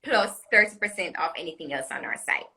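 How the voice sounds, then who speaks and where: Bright-voiced Caribbean woman, chatty guest. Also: on the low side, lively intonation, fairly quick, vocal fry, low-quality recording. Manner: chatty, laughs often, promotional. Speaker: jewelry designer guest. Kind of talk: live social media interview. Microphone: phone or webcam on live video call.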